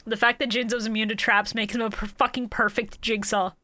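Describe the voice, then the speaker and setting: A woman's voice: a little high, flat delivery, brisk, pushed and bright. A woman co-hosting a casual podcast chat, often exasperated, swearing and laughing. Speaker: podcast co-host.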